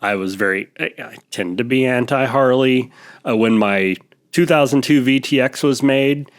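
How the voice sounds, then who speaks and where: Casting note: male podcast host, middle-pitched, relaxed conversational delivery. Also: normal speed. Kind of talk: casual chat.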